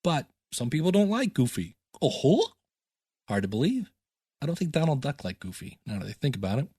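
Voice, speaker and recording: A man's voice: mid-range voice, big pitch swings, quick pace, darkish tone, breathy edge, no room sound, clean studio sound. A middle-aged man teaching podcasting in a chatty, self-deprecating solo talk with goofy asides.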